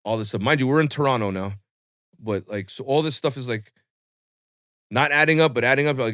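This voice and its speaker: A man's voice: mid-range voice, a little fast, dry recording, studio quality. Loose, swearing young man telling a story. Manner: animated, swearing, lots of fillers, acts out quotes. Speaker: podcast guest telling his story. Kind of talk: casual storytelling chat.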